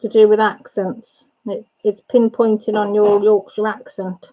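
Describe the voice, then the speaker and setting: Her voice is medium in pitch, flat in delivery and unhurried. This livestream host and mother keeps the chat casual, welcoming viewers by name and talking with her family off-camera, all on dull, lo-fi sound.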